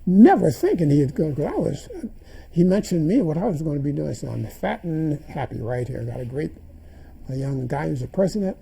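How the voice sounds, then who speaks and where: A man's voice: a little high, very animated, fairly quick, creaky, warm tone, breathy edge. An older man in an interview, telling memories as stories and acting out the dialogue he recalls. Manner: anecdotal, acts out remembered dialogue. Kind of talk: reminiscing interview storytelling.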